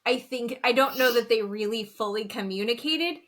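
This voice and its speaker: A woman's voice: a little high, moderate pace, a bit bright. A woman co-hosting a podcast, chatting casually and acting out quotes with big swings in her voice. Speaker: podcast co-host. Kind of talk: casual chat recapping reality TV.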